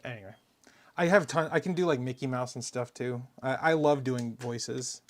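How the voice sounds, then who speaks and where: A man's voice: mid-range voice, normal speed. A man casually chatting on a live stream while taking apart hardware, rambling and self-mocking and muttering as he works. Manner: murmurs to himself while working.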